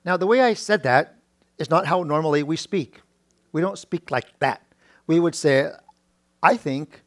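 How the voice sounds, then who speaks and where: A middle-aged male pastor giving a sermon, often restarting his words and rising loud and high on key points. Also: no room sound, clean studio sound. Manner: preaching with many restarts and repeated words; rises to a loud high pitch when stressing points.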